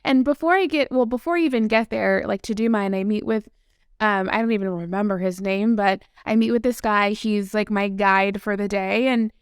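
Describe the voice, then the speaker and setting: A woman's voice: medium pitch, normal speed, smooth, no room sound, clean studio sound. A woman guest telling a story in a casual conversation, chatty and full of "like" and quoted dialogue. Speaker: podcast guest.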